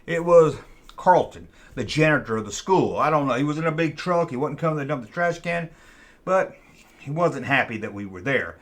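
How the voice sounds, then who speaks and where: The host of a channel, a man with a slightly high voice, lively intonation and moderate pace, shares a childhood tale casually. He rambles in a folksy manner and says things more than once.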